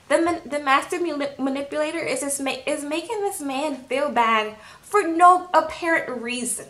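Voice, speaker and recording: A woman casually recapping a reality show in a sassy, animated way and acting out what people say. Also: high-pitched, moderate pace, roomy sound. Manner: animated, sassy, acts out quotes. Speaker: YouTube reality-show reviewer.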